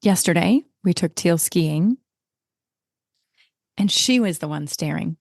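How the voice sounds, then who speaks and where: A woman's voice: fairly low pitch, lively intonation, slow pace, gravelly, darkish tone, dry recording, clean studio sound. A woman hosting a podcast interview, reflective and chatty as she tells a story. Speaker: podcast host.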